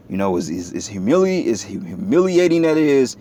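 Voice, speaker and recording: A man's voice: medium pitch, big pitch swings, fairly quick, warm tone. Blunt, profane man preaching. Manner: profane, blunt street talk, gets heated. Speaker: religious video commentator. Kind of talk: preaching commentary.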